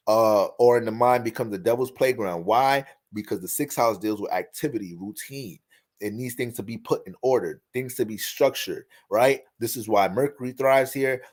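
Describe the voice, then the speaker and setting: Here a man riffs on astrology in an easygoing, animated way, full of jokes, frequent laughter, and liberal swearing. His pitch is medium.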